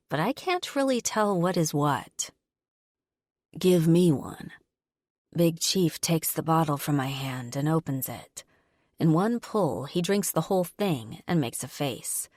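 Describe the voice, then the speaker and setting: A woman reads a first-person romance audiobook in a steady storytelling manner. Her voice is very low, and the sound is dry and close. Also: normal speed, no room sound. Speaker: audiobook narrator.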